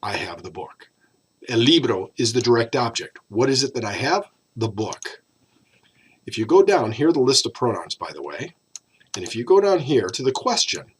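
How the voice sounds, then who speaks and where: A man teaching a recorded Spanish grammar lesson, explaining patiently and drawing out key words slowly. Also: mid-range voice, animated, breathy edge.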